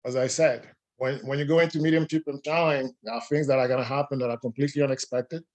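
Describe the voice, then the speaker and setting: A man speaking as a guest medium and painter, telling a personal story in an earnest, relaxed way with frequent restarts. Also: medium pitch, quick pace. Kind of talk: conversational storytelling.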